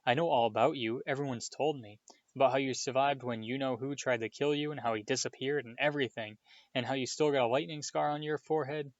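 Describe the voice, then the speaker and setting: A man's voice: medium pitch, fairly even intonation, fast, no room sound, natural voice. A man voicing an eager, starstruck young boy wizard who talks breathlessly and hopefully. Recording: dull, dry lo-fi recording.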